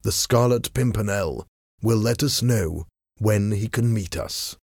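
A man voicing an earnest young English gentleman conspirator in a storybook reading, eager and urgent. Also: on the low side, a little slow, creaky, slightly rough, dry recording, studio quality, full character voice.

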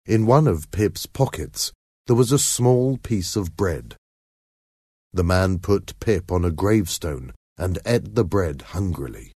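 A man reading a storybook aloud as narrator, in measured, expressive storytelling. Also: deep voice, slightly rough, no room sound, studio quality. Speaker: audiobook narrator. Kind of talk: scripted narration.

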